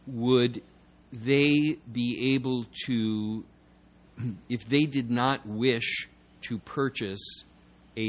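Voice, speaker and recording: Careful man asking questions from the floor. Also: lowish voice. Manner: careful, hesitant questioning with pauses. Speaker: audience questioner. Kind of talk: asking questions at a public meeting.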